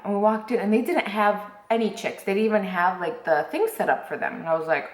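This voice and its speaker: A woman's voice: mid-range voice, fairly quick, roomy sound. A woman vlogger chatting casually to camera, rambling with lots of fillers and restarts.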